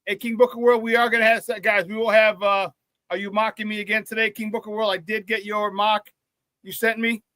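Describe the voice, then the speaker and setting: A man hosting a live-streamed sports talk show, reading viewer chat in an excitable, hyped way, laughing often and using slang. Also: high voice, a little fast, dry recording.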